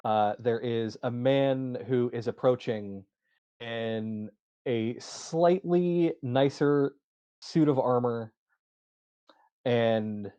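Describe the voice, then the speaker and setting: A man narrating as game master of a tabletop game in a slow, relaxed way. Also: medium pitch, clean tone, muffled recording.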